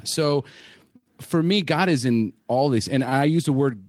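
A man's voice: mid-range voice, a little slow, darkish tone, dry recording, studio quality. A man hosting a podcast on a remote call, joking, swearing and poking fun at himself. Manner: joking, profane, self-deprecating. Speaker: podcast host. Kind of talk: casual podcast chat.

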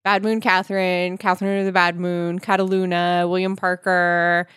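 A woman parodying a revenge-obsessed book character in a flat, mocking, repetitive voice. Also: fairly low pitch, normal speed, clean tone, dry recording, clean studio sound, voice pushed down, natural voice.

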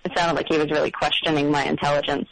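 Middle-aged woman, phone-in caller, gravelly, rambling and unsure of herself. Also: low-pitched, flat delivery, fast talker, rough recording. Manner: hesitant, lots of ums, self-doubting. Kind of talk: casual phone call story.

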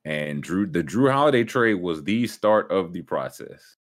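A man's voice: low-pitched, unhurried. A man hosting a casual sports talk show, talking loosely and slipping into mock voices. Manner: loose, animated, drops into mock voices and impressions. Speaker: podcast host.

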